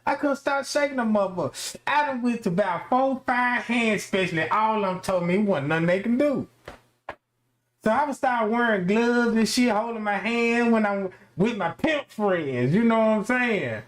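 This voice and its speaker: A high-pitched man spins a long, profane comic tale about his job. He rambles and restarts, packs his talk with slang and fillers, and keeps his delivery lively. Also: moderate pace. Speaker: comic storyteller.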